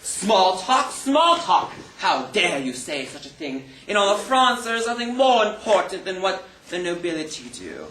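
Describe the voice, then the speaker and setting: A man plays a vain, flamboyant French marquis on an amateur stage, his high voice swooping up and down as he gushes gossip and bristles at any slight. The sound is echoey, caught from far off in a hall. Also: big pitch swings, a bit bright, a little hiss or hum. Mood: indignant. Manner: gushing, theatrical gossip, quick to take offense. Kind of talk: amateur stage play acting.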